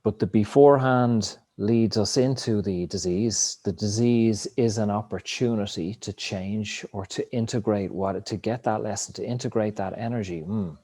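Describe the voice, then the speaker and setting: A man with a fairly low voice talks through big ideas in a loose, wandering way, tossing in the odd curse word. The sound is dry and close, with no room around him. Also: normal speed, few pauses, warm tone, dry recording. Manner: rambling, reflective, swears casually. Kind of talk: casual spiritual monologue.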